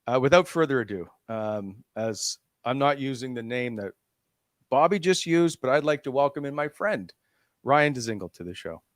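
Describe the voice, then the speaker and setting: Brief: relaxed male show host, filler-heavy ad reads, dry close voice. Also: medium pitch, moderate pace, dry recording. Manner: loose and chatty, many "uh" fillers while reading ads. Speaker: podcast host. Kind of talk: casual chat and live sponsor reads.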